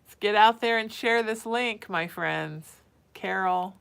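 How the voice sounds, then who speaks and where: A chatty woman hosts a live stream in a middle-pitched voice, reading viewer names one after another. She drifts into soft coos at her cat and then back to easy, friendly chat with her viewers. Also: slow, creaky, smooth. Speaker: psychic medium hosting a live stream. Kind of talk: casual livestream chat.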